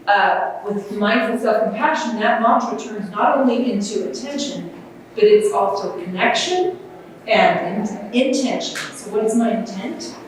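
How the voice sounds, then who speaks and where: Gentle woman presenter, echoey room. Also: mid-range voice, recorded from a distance, a little hiss or hum. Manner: gentle, unhurried, with fillers and restarts. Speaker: conference presenter. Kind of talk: workshop talk on self-compassion. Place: large conference room. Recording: echoey room, voice off-mic, faint ambience.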